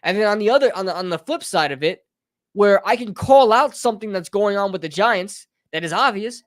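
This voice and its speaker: A man's voice: high voice, animated, fairly quick, no echo, studio quality. A man hosting a live sports talk stream, ranting heatedly and often calling listeners bro and brother. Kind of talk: live fan rant.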